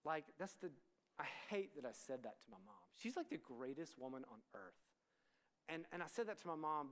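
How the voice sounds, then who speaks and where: A middle-aged man from Texas gives a youth sermon in a candid, conversational way, often restarting his sentences and turning to the crowd. His voice sits high for a man. It rings out with the long reverb of a big worship hall. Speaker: student ministry pastor.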